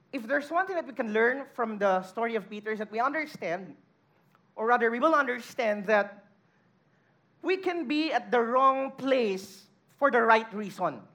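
A woman's voice: fairly high pitch, fairly bright tone. A woman preaching an earnest sermon, reading scripture aloud and stressing key lines.

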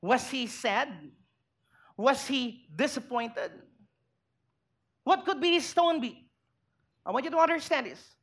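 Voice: high voice, slow, long pauses, fairly bright tone. A pastor preaching a sermon in church, making emphatic points and putting rhetorical questions to the congregation.

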